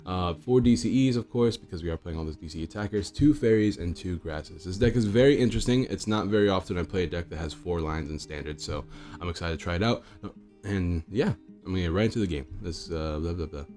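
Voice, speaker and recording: Hoarse, deep-voiced fast-talking man. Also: warm tone, soft background music. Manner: chatty, thinks aloud with fillers. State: hoarse, groggy voice. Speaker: card game streamer. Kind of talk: casual gameplay commentary.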